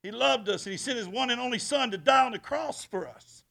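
A man preaching a sermon as pastor in a church, emphatic, swinging from soft talk to shouting. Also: very high voice, a little fast, gravelly.

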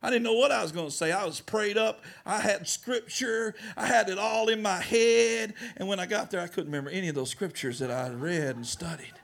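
A male pastor preaching a sermon, telling a story and acting out the dialogue, swinging from hushed lines to loud ones. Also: high voice, fairly quick, vocal fry, hardly any pauses.

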